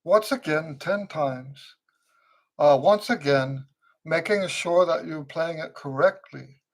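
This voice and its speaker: During a live-streamed trumpet Q&A, a man with a voice on the high side speaks slowly. He comes across tired and weak, his voice fading, and he repeats key points for emphasis.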